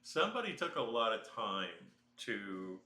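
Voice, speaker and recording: Bright-voiced man running a dungeon game. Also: fairly low pitch, big pitch swings. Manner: slow, halting narration with fillers. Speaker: dungeon master. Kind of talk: narrating a tabletop game. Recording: echoey room.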